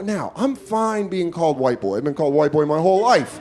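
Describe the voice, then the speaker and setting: Animated high-voiced male comedian. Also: fairly quick, slight background noise. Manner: animated, profane, self-mocking. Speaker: stand-up comedian. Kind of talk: stand-up storytelling.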